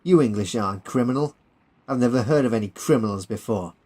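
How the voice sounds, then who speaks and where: A man's voice: medium pitch, brisk, mellow, natural voice. A man voicing an arrogant, bullying army colonel who barks orders and threats. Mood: arrogant, angry.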